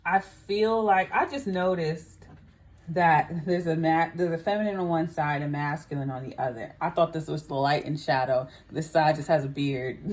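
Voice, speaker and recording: A woman gives a casual tarot reading to camera for her viewers, chatty and musing aloud, often saying "I feel like." Her voice sits low and her pace is moderate.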